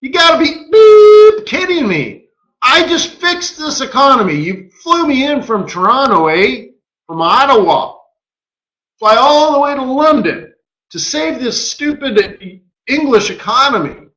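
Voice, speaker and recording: A man's voice: very high-pitched, big pitch swings, a little slow, fairly bright tone, echoey room, voice pushed up, full character voice. A man voicing an exasperated, middle-aged male central banker who gripes and curses. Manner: exasperated, griping.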